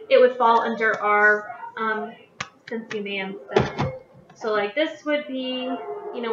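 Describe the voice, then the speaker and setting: A vlogger reviewing scented wax products chats casually in her home kitchen, reading product descriptions aloud and stumbling over some words. Her voice is on the high side and far from the mic, in an echoey room with dull lo-fi sound and music behind.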